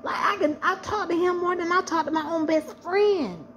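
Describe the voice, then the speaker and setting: A woman's voice: very high voice, moderate pace, a bit bright, a little hiss or hum. A woman sharing a personal faith testimony, speaking earnestly and repeating phrases for emphasis.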